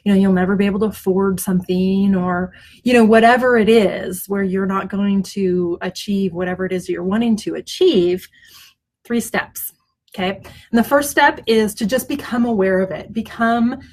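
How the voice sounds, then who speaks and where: A woman's voice: mid-range voice, fairly even intonation, normal speed. A middle-aged woman talking to camera from home, casual and encouraging, with lots of ums and restarts. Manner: chatty, warm-hearted, many ums and restarts; often glances at her notes. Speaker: web designer hosting a weekly mindset video. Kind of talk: casual self-help talk to camera. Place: at home, front yard noise outside.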